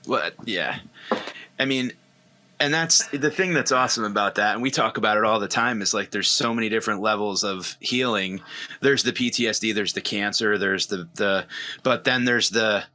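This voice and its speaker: A man's voice: fairly low pitch, normal speed, sharp tone. A man hosting a podcast, talking in an easygoing, agreeable way. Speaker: podcast host. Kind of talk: casual conversation.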